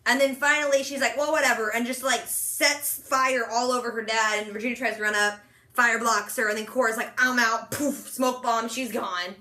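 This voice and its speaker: A young woman in casual chat, animatedly retelling a TV episode and slipping into quick quoted voices for the characters. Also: fairly high pitch, steady tone, sharp tone, roomy sound. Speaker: podcast co-host recapping a TV episode.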